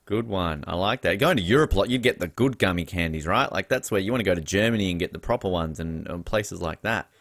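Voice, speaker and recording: A man's voice: deep voice, animated, fast talker, hardly any pauses, fairly bright tone. A man hosting a casual podcast interview in a chatty, upbeat way. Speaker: podcast host.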